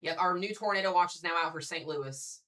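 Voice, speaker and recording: Man, young adult, livestream weather host, casual live commentary, thinking aloud, bright tone. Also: fairly high pitch, a little fast. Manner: casual, thinks aloud while reading radar, addresses viewers as guys.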